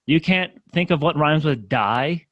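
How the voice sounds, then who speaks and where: A man's voice: a little high, measured pace, no echo, highs cut off. A young man co-hosting a casual chat, mocking rap tracks with lots of swearing. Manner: profane, mocking, animated. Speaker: co-host. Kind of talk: casual chat reacting to music.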